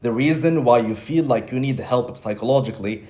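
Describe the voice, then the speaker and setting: This man teaches trading in a brisk, mellow mid-range voice. He speaks casually and bluntly, repeats himself, curses now and then, and acts out what he's thinking in quoted lines.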